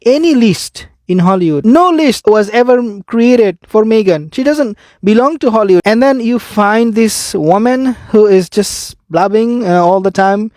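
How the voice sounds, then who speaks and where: High-voiced man giving scornful commentary. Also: a little mellow, dry recording. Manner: emphatic, scornful, reads out press quotes. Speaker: royal news commentator. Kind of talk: opinionated commentary.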